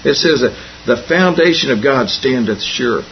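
A man's voice: mid-range voice, animated, moderate pace, gravelly, slight background noise. A man preaching a folksy Bible lesson, repeating and restarting phrases and telling homespun jokes, on a dull lo-fi recording. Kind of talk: folksy sermon.

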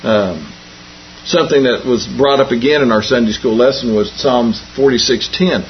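A man's voice: mid-range voice, normal speed, a little hiss or hum. A man preaching a folksy Bible lesson, repeating and restarting phrases and telling homespun jokes, on a dull lo-fi recording. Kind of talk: folksy sermon.

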